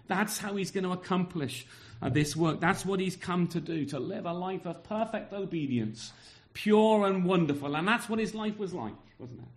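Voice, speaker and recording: Earnest preacher, somewhat high voice. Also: male voice, normal speed. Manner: earnest, emphatic, repeats words while building a point; addresses children in the congregation. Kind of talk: sermon.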